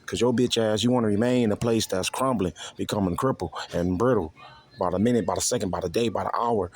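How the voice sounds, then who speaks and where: Low-voiced man preaching with profanity. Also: fast, darkish tone. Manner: crude, repeats "you see" constantly. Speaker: street preacher.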